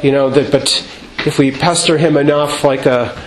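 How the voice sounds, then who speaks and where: A male priest giving a measured sermon in a church, asking rhetorical questions and singing out quoted refrains. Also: fairly high pitch, fairly even intonation, slight background noise. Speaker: Orthodox priest. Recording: echoey church with faint ambience.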